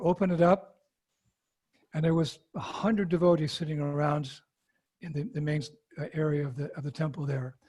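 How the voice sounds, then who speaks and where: A man, a monk being interviewed, telling a personal story with animated acted-out quotes. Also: on the high side.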